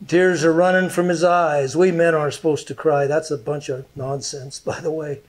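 A middle-aged man preaching a sermon as a pastor, earnest and emotional, with long pauses. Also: fairly high pitch, level tone.

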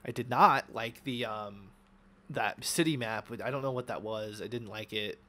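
A young man giving casual, excitable commentary over his own gameplay, swearing often and trash-talking opponents. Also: medium pitch, normal speed. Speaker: gaming YouTuber.

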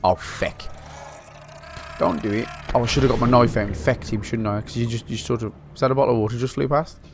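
A man from Britain giving excitable, swear-heavy let's play commentary, talking to himself as he plays. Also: medium pitch, brisk, vocal fry, noisy background. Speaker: gaming channel host.

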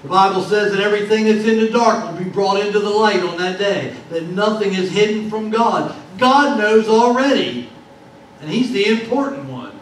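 A man's voice: sits high, moderate pace. A man preaching a sermon as pastor, in a folksy, repetitive preaching cadence. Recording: very echoey hall, distant mic, faint noise.

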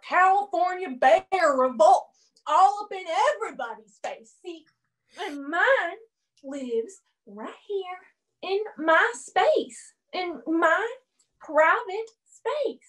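A woman plays a drunk young woman from Georgia, her Southern drawl slow and slurred. She is prickly and smug, and her high voice swings widely as she lingers over every word. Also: animated, a bit bright, full character voice, poor audio. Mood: belligerent. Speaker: actor. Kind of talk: amateur drama over video call.

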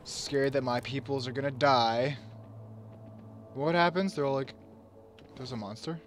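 A young man commentating his game, swinging from shouted orders and mock-royal speeches to low muttering. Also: measured pace, soft background music. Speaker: gamer. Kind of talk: let's play commentary.

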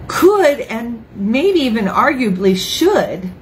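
A woman in her fifties, a grandmother, preaching an informal online sermon in a chatty, emotional way with lively asides. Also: on the high side, slow pace, a little hiss or hum, poor audio. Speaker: ministry speaker. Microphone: phone or webcam, online broadcast.

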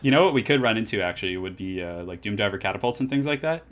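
A man's voice: lowish voice, animated, rapid-fire, a bit bright. A man casually chatting while streaming a strategy game, laid-back and laughing often, trailing off into fillers. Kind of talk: casual gaming stream chat. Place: home, California.

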